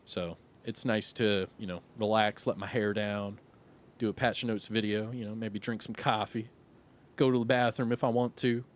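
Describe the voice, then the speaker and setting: Middle-aged male streamer, slightly low voice, relaxed rambling chat with viewers. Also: moderate pace. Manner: laid-back, rambling, many fillers. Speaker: gaming live streamer. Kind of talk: casual live-stream chat, reading viewer questions.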